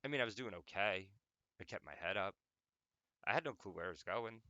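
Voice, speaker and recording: A man's voice: fairly low pitch, expressive, brisk, sharp tone, no echo, highs cut off. A young adult man hosting an audio podcast, talking casually in a rambling, profane, joking way. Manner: rambling, profane, jokey, many "like"s. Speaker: podcast host. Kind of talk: casual monologue.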